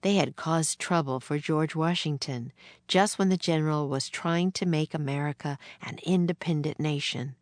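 A woman narrating a children's chapter book in a measured storytelling manner. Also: sits low, no echo. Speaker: audiobook narrator. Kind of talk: scripted narration.

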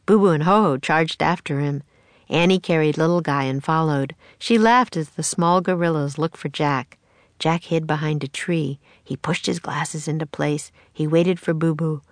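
Narrator: woman, lower voice, dry close sound, expressive kids' story read-aloud. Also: moderate pace, dry recording.

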